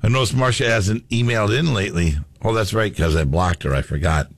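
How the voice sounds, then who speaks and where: A man's voice: fairly low pitch, fairly quick, no echo. A man co-hosting a sports radio show, chatting casually and reading listener messages aloud.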